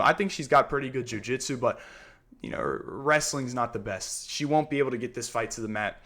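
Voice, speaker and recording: Brief: male host, casual fight picks, heated rant-prone delivery, mid-pitch voice. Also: a bit bright. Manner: heated, ranting, repeats "man" and "you know what I mean". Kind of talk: casual fight breakdown monologue.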